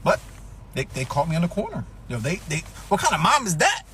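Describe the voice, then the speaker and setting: A man's voice: on the high side, brisk, slight background noise. A man telling a profane, comedic personal story, acting out what people said. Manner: animated, profane, acts out quotes.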